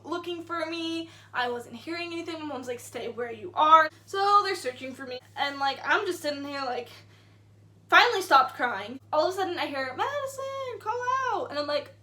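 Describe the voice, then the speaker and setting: High bright young woman vlogger. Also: brisk. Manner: rambling, says "like" a lot, acts out quotes. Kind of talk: casual storytime vlog.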